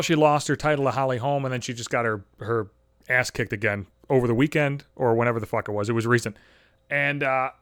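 A man's voice: mid-range voice, fairly bright tone. A man hosting his own podcast, ranting angrily and profanely, stumbling over restarts as he gets worked up. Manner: angry, profane, heated ranting; stammering restarts when worked up. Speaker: podcast host. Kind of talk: solo podcast rant.

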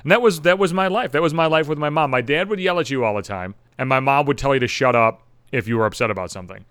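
A man's voice: medium pitch, fast talker, fairly bright tone, smooth, no echo. A young man hosting a solo podcast, ranting bitterly and sarcastically with heavy swearing. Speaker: podcast host.

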